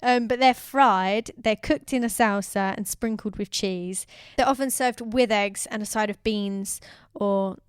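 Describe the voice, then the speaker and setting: A woman's voice: mid-range voice, measured pace, clean tone, no echo, studio quality. A woman co-hosting a travel vlog, chatting casually with many fillers and easy laughs. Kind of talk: casual chat.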